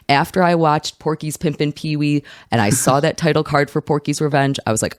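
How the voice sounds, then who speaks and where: A woman hosting a comedic film review podcast, telling stories as a profane, animated ranter. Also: low-pitched, moderate pace, few pauses, dry recording, studio quality. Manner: profane, animated ranting storyteller. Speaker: host.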